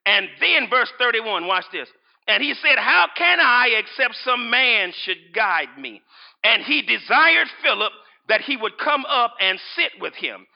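High gravelly preaching man, lo-fi. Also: big pitch swings, unhurried. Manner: preaching with shouted repetitions and scripture reading. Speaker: pastor. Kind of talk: sermon.

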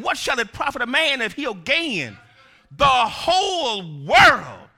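A man preaching a sermon, drawing phrases out slowly, then shouting at the peaks and laughing at his own asides. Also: very high voice. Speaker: pastor.

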